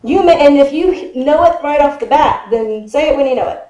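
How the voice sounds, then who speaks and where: Woman, 50s, pastor, chatty conversational sermon, high mellow voice, echoey church sanctuary. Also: normal speed. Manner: chatty, quizzes the congregation, laughs often.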